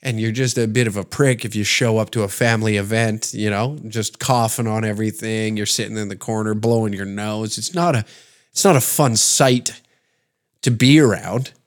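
A man's voice: lowish voice, normal speed. A man from Canada hosting a comedy podcast, ranting in a rambling, sarcastic, profane way with many restarts. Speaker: podcast host.

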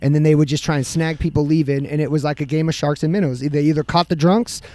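A man's voice: fairly high pitch, steady tone, fast talker, dark tone, no room sound. Profane man telling party stories. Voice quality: profane, rambling storyteller. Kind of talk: casual storytelling among friends.

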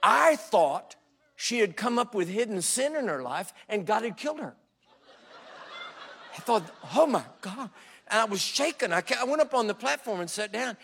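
A middle-aged man preaching in a fairly high voice. He tells his stories dramatically, dropping to a hush, then rising loud as he acts out what people said. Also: sing-song, fairly quick, vocal fry. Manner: dramatic, swinging from hushed to loud. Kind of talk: sermon with storytelling.

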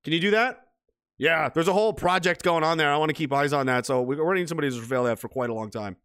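A man with a notably high voice rants in mock outrage, playing a gruff spy-agency boss reacting to a clip. His talk is profane and sarcastic, rambling and full of restarts. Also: rapid-fire, fairly bright tone. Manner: rambling with frequent restarts and fillers. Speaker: commentator.

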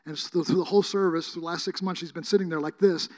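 A man with a high voice preaches a sermon, telling his stories in a loose, rambling way full of fillers and restarts. He gets emphatic at times and pushes his voice close to a shout. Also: steady tone, quick pace. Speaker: guest preacher.

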